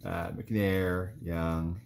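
Low male voice, young adult card collector, loose rambling off-the-cuff commentary. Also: little pitch movement, drawn-out words, vocal fry, darkish tone, slight background noise. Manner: rambling and chatty, lots of "like" and "anyways". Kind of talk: casual running commentary while flipping through cards.

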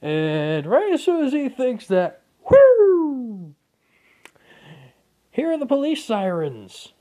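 A man's voice: high-pitched, sing-song, unhurried, warm tone. A young man casually improvising a fan story, rambling with jokey asides.

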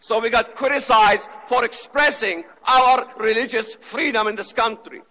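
A man giving an impassioned speech, emphatic and repetitive, now and then rising to shouts. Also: extremely high pitch, normal speed, slight background noise, rough recording. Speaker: speaker.

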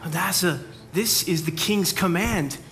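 An actor playing Mordecai, the caring older cousin and guardian, speaking and singing firmly but gently in a musical play. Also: male voice, high-pitched, a little slow. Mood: tender. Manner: gentle, firm, consoling. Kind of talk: musical theatre, spoken and sung. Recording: loud music underneath.

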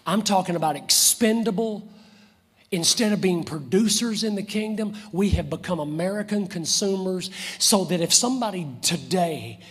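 A man's voice: sits high, animated, moderate pace, slightly rough. A man preaching an impassioned sermon, repeating phrases and dropping to whispers. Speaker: pastor. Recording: live sermon in a reverberant church.

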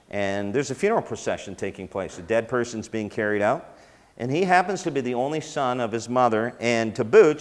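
Man preaching in a reverberant hall. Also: mid-range voice. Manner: conversational preaching with many fillers and restarts. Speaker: teacher of a ministry school. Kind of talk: sermon-style teaching.

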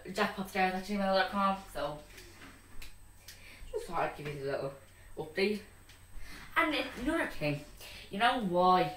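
A man's voice: high voice, a bit bright, a little hiss or hum. A young Irish man chatting casually in a vlog, telling rambling, giggly stories from his room. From Ireland. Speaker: vlogger. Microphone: laptop mic from a distance. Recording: echoey room, far from the mic.

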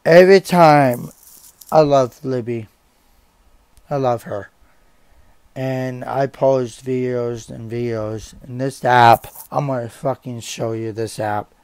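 A young man vents his anger in a slow, halting rant, swearing and circling back over the same words. His voice is clear and smooth. It sounds close and dry, with no room around it. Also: mid-range voice, steady tone, darkish tone, no room sound. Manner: swearing, halting, repeats himself. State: angry and upset. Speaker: vlogger. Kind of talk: angry rant to camera.

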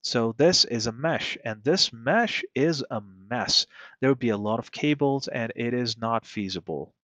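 A man's voice: mid-range voice, animated, a little slow, a bit bright, no echo. A man teaching a networking lesson in a conversational way, often asking rhetorical questions. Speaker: networking instructor. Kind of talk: screen-recorded tech lesson.

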